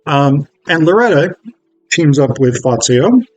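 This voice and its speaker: A man's voice: on the high side, big pitch swings, a little slow, no room sound, soft background music, poor audio. A man recapping a film in a casual, rambling way, with many fillers and self-corrections. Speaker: film reviewer.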